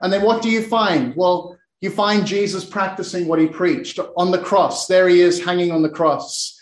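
A man's voice: high-pitched, fairly even intonation, normal speed, roomy sound, low-quality recording. A man preaching a sermon in earnest, often repeating and restarting his words.

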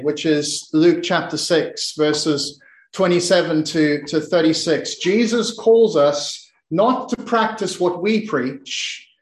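Male preacher, sermon, earnest, stumbling restarts, slightly high voice, roomy echo. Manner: earnest, repeats words with frequent restarts.

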